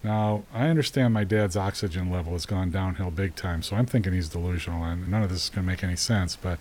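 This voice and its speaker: Middle-aged man, lowish voice, casual rambling storyteller who laughs easily. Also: fast, a little mellow, a little hiss or hum, rough recording. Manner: chatty, rambling, laughs as he talks. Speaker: guest telling a story.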